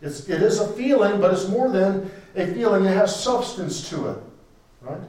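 A man preaching a sermon, emphatic, repeating key phrases for stress and switching between loud declarations and quiet asides. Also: sits high, expressive, normal speed. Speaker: pastor. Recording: echoey room, voice from a distance.

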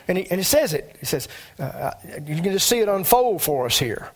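A man preaching a sermon as a pastor, emphatic, with sudden rises in pitch. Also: sing-song, a little fast.

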